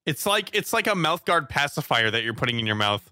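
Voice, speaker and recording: A man's voice: medium pitch, sing-song, brisk, bright, forceful tone, no room sound, studio quality. A man co-hosting a podcast, joking skeptically and spinning absurd scenarios. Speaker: podcast co-host. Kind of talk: casual banter.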